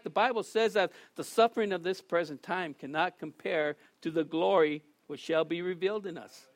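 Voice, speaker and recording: A man preaching a casual sermon, animated, often restarting and acting out quotes. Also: sits high, no room sound.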